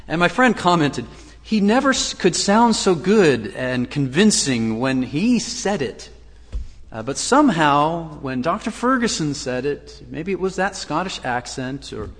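A man's voice: mid-range voice, a bit bright, long reverb tail. A man preaching a sermon as a pastor, earnest, with frequent fillers.

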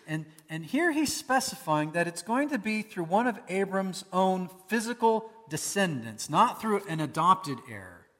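Male pastor, conversational sermon delivery, slightly high voice, long hall reverb. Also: fairly bright tone. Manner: conversational preaching with rhetorical questions.

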